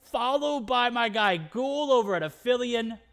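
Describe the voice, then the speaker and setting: A man's voice: extremely high pitch, animated, vocal fry, a bit bright. A man casting a live esports stream, hyped and bantering as he runs through player names. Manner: hyped, rapid name-listing banter. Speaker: esports caster.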